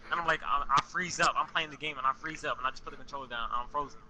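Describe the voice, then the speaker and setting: A man's voice: a little high, very fast, a little hiss or hum, poor audio. Profane young man telling a story. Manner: animated, profane, street slang. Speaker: podcast co-host. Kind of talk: casual storytelling.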